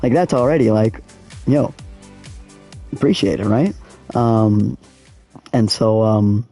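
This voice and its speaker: A man's voice: lowish voice, warm tone, no echo. A young man casually talking to his viewers in slangy speech while he plays a racing game. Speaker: gaming streamer. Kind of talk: casual live-stream commentary.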